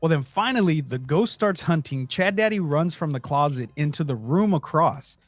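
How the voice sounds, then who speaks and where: A man hosting a podcast, telling a story in a loose, profane, animated way. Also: a little high, moderate pace, no echo, soft background music. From Texas. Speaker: podcast host. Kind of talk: casual storytelling chat.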